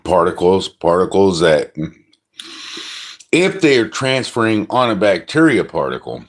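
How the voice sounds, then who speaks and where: Middle-aged man, profane livestream rant, scoffing, lively pitch. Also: measured pace. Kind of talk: ranting monologue.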